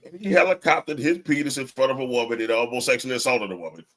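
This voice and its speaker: A male podcast co-host with a mid-range voice talks fast in a casual chat. He rants with plenty of swearing and laughs often.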